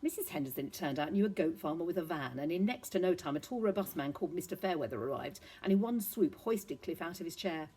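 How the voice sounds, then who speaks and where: A woman reading a children's novel aloud, steady and expressive. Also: fairly low pitch, fast, few pauses, breathy edge, low-quality recording. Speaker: reader.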